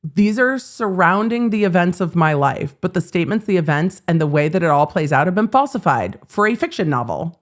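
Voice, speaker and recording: Woman host, 40s, casual live-stream legal commentary, animated storyteller who acts out quotes, voice sits a touch low. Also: brisk.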